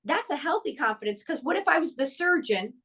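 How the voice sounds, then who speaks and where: Woman, mental skills coach, animated interview guest who acts out dialogue. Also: high-pitched, fairly quick. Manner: emphatic and coaching. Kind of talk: podcast interview.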